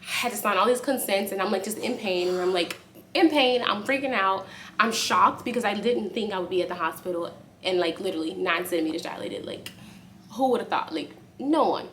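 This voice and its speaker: A young woman casually telling a story to camera for her vlog, chatty and animated, acting out what others said. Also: medium pitch, brisk, slight background noise. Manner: animated, acts out quotes in a raised voice; speaks softly aside to her baby. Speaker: vlogger.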